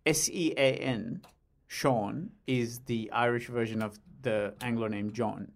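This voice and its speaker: A man's voice: medium pitch, unhurried, creaky. Aussie guy cutting in with dry sarcastic jokes, casual chat. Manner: dry, sarcastic quips and interjections. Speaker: podcast co-host.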